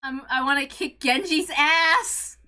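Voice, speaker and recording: Over slight background noise, a very high-pitched woman speaking a little slowly hosts a visual novel read-along. Her emotional reactions become an impassioned rant with shouting and stammering, tears close at hand.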